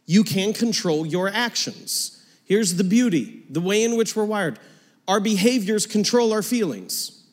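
A man in his thirties preaching a sermon as pastor, conversational and joking, dropping into quiet asides between louder points. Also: sits high, lively intonation, unhurried. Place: church auditorium. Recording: long hall reverb.

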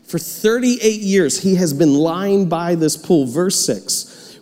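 A man's voice: high voice, slow pace, long reverb tail. A man preaching a sermon as pastor in a church, cheerful and storytelling. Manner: cheerful, animated storytelling with laughs. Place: church sanctuary.

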